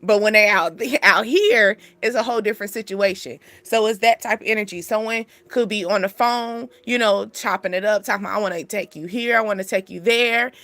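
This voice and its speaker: A young woman hosting a casual spiritual reading, chatty and animated, laughing often. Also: mid-range voice, brisk, hardly any pauses, no room sound. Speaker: spiritual channel host giving a reading.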